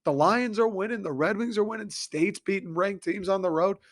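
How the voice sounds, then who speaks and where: A young man from Michigan, hoarse and a little raspy, ranting profanely and excitably as he hosts a casual sports talk show. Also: high-pitched, moderate pace. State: hoarse after a concert. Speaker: sports podcast host.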